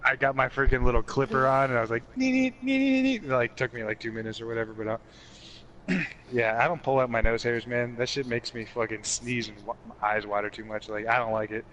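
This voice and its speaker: A man's voice: mid-range voice, little pitch movement, brisk, a bit bright, slight background noise. A young man co-hosting a podcast in casual chat, jokey and profane, laughing as he talks. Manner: jokey, swears, laughs mid-sentence. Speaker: podcast co-host.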